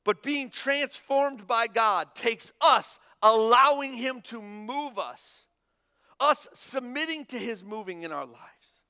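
Man, young adult, pastor, sermon, high voice, animated, acts out Bible dialogue. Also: takes it slowly, smooth.

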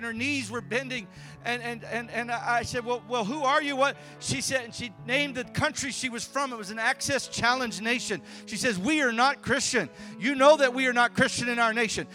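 A man preaching a sermon as a pastor, telling a testimony fervently with frequent hallelujahs and amens, stumbling over repeated words in calmer stretches. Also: very high-pitched. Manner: halting repetitions when calm.

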